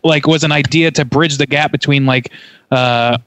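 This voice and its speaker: A man's voice: on the high side, fairly even intonation, normal speed, a bit bright, clean tone, no room sound. A young man in a casual podcast chat about a film, reading trivia aloud and swearing now and then. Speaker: podcast co-host. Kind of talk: casual movie-review chat.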